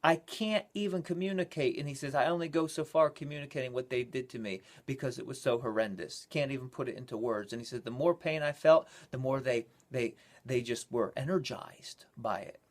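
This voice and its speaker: Man preaching, animated storytelling sermon. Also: mid-range voice, fairly quick, hardly any pauses. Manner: builds to loud, excited retelling of testimonies. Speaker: pastor.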